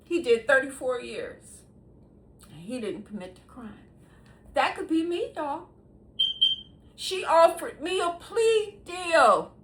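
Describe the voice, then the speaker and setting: High, lively woman in her sixties. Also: takes it slowly, pauses often, noisy background. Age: 60s. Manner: laughs often between sentences; talks straight to viewers, animated and emphatic. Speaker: host. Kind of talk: casual monologue to camera.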